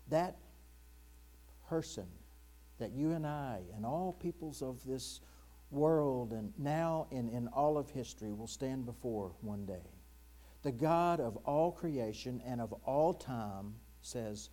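Earnest male pastor preaching softly. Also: medium pitch, expressive, a little slow. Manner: earnest, drops to a hushed near-whisper on quoted verses; addresses congregation directly with questions. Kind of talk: sermon. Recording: mains hum in the background.

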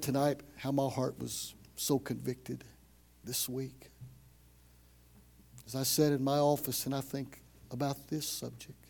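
A man preaching a sermon as pastor, telling a story and leading prayer, going from loud, urgent passages to hushed whispers. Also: medium pitch, creaky, breathy edge. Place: church.

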